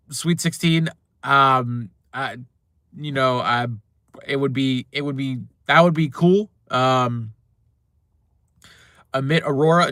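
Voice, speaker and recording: Bright-voiced man chatting live. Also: mid-range voice, no echo. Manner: rambling, many fillers and restarts. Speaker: show host. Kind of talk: casual livestream chat reading comments.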